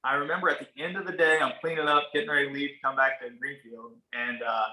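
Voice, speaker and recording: Bright-voiced rural Ohio man telling stories. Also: medium pitch, steady tone, quick pace. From small town in Ohio. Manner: laid-back, swears, acts out quoted dialogue. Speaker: podcast guest, barber. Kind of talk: casual storytelling. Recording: roomy echoey room.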